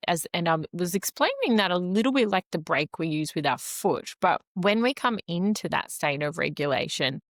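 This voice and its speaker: A woman, a nervous system expert, explaining things calmly in a podcast interview. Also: sits low, no room sound, clean studio sound. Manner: calm, explanatory, animated with sing-song asides.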